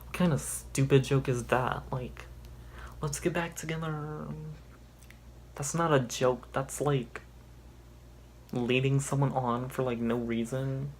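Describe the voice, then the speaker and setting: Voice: mid-range voice, steady tone, unhurried, slight background noise. Sarcastic young reader mocking an old story. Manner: sarcastic, exasperated asides. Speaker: youtuber reading an old story aloud. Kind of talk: mocking read-through with commentary.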